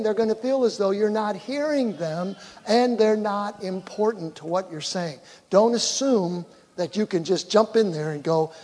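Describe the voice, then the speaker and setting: A pastor gives a conversational sermon on communication in church, acting out the voices he quotes. His voice is high and a little mellow, with the long reverb of a hall.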